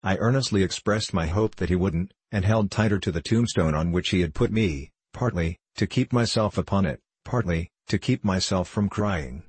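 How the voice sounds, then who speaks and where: A man narrating a classic novel as an audiobook, reading in a measured, deliberate way. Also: low voice, slightly rough, no echo.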